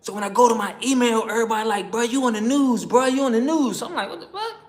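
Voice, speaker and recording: A man with a very high-pitched voice and an American accent, host of a prison story channel, tells a prison story at a quick pace. He uses casual slang and acts out the voices of the people he quotes.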